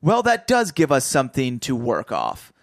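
A man voicing a stern middle-aged father and detective in a book read aloud, measured and questioning. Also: medium pitch, huge pitch swings, gravelly, no echo, studio quality. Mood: probing.

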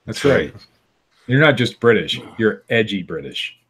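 A man's voice: on the low side, sing-song, unhurried, a bit bright, slightly rough. A man co-hosting a podcast in casual chat, reading strange news stories aloud in a wry way and laughing now and then. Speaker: podcast co-host.

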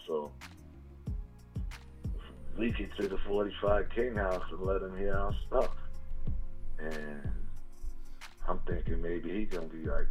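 A man's voice: low-pitched, slow pace, long pauses, music in the background, low-quality recording. A man, a DJ and producer from Long Island, telling stories in a casual, slangy interview and acting out the lines of the people in them. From Long Island, New York. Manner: slangy, laid-back storytelling, acting out others' lines.

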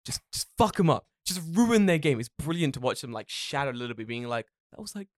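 A man co-hosting a casual podcast, telling animated stories, swearing freely and acting out other people's voices. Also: mid-range voice, brisk, no room sound, studio quality. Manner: animated storytelling, swears a lot, mimics people. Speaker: podcast co-host.

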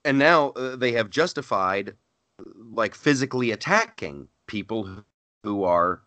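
A middle-aged man, a comedian, telling stories in a casual interview, animated and often repeating words as he starts a sentence. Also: mid-range voice, unhurried, no room sound. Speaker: stand-up comedian guest.

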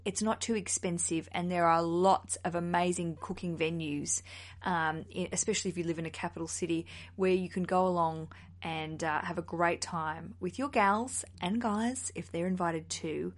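Woman, solo podcast host, lively, self-mocking, casual chat. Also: fairly low pitch. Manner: chatty, self-mocking, animated.

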